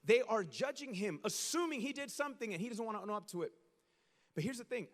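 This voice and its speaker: A male pastor with a high voice preaches a sermon in an animated, conversational way, talking fast. He fills it with casual slang and acted-out asides, and the audio has a big-room sound.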